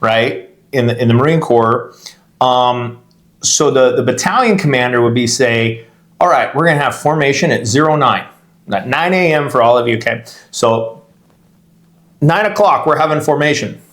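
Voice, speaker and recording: A man's voice: mid-range voice, moderate pace, a bit bright. Rambling middle-aged man hosting a podcast. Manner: rambling, self-interrupting, laughs while telling stories. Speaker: podcast co-host, real estate agent. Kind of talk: casual podcast chat.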